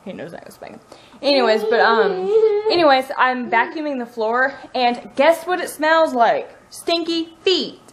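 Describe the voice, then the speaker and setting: A mom vlogger in her thirties with a Southern US accent chats casually to her camera in her living room, rambling and laughing often. Her voice sits high and is expressive and a bit bright, at a normal speed, with slight background noise.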